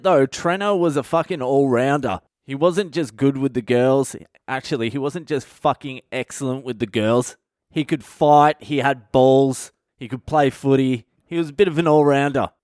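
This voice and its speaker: An Australian man in his thirties, a comedian telling wild personal stories in a profane, animated way. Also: mid-range voice, clear, resonant tone, no echo, studio quality. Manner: profane, animated, breaks into laughter. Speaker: comedian podcast host. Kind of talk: comic personal storytelling.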